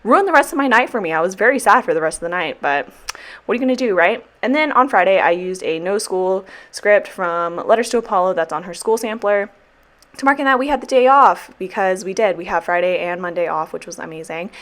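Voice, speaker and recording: A woman's voice: medium pitch, brisk, fairly bright tone. Chatty young woman rambling while planning. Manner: chatty and rambling, swears freely, apologizes jokingly. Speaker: planner vlogger and teacher. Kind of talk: casual chat while sticker planning.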